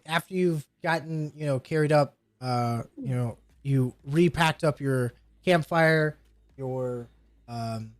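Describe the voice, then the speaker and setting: A man's voice: mid-range voice, no echo. A man running a tabletop game, patiently explaining rules and narrating scenes with loose fillers. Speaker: game master.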